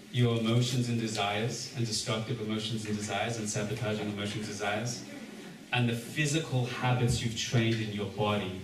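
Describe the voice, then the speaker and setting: A man, a rabbi leading a seder, teaching a live gathering in a joking, energetic way and addressing the crowd directly. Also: lowish voice. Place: large echoey room with a gathering. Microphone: distant room recording. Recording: echoey room recording from far off with background noise.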